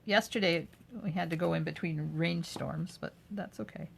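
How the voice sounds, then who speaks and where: A woman's voice: low voice, fairly even intonation, normal speed, vocal fry, a little hiss or hum. An older woman hosting a live craft demo. She narrates each step as she works and chats back to viewer comments. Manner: chatty, answers viewer comments while working. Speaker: craft video host. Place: home craft room.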